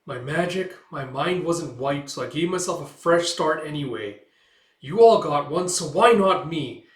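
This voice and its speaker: A man doing a distraught witch woman, pushed high above his own register, pleading in a strained, raised voice. The reading is caught in an echoey room. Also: moderate pace, fairly bright tone, far from the mic, lightly acted. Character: anguished female witch hero, clinging to an illusion family.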